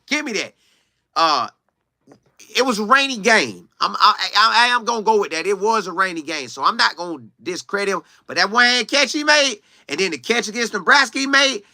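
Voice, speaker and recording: Man, high voice, very bright tone, animated casual chat, repeats himself for emphasis. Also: dry recording, clean studio sound. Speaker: show host reading viewer comments.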